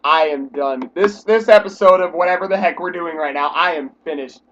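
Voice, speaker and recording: A man's voice: a little high, brisk, a bit bright, far from the mic, dull audio. A man giving nervous, joking commentary while he plays a horror game. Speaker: gaming channel host. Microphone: distant from the mic. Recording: echoey room, voice off the mic.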